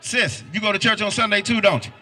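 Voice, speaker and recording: A man's voice: sits high, fast. A man preaching on a city street, firing pointed questions at passersby. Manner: forceful, quizzes listeners with pointed questions.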